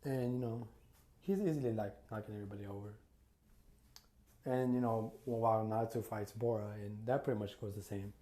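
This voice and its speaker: A man with a lowish, warm voice speaks at a normal pace. Like a YouTuber, he casually retells an imagined crossover story in fan-fiction style, rambling with plenty of fillers and restarts.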